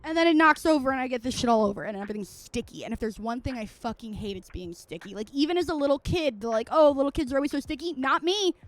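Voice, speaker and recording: High-voiced woman streamer ranting casually. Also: animated, fast talker, few pauses. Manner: rambling, venting, swears freely. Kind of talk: casual livestream chat while gaming. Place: home.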